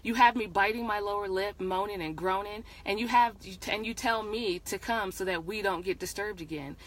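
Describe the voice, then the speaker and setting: A woman's voice: mid-range voice, normal speed. Woman author, middle voice, reads her own erotic story aloud, hesitant, self-correcting. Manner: hesitant, frequent restarts while reading. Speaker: author reading her book.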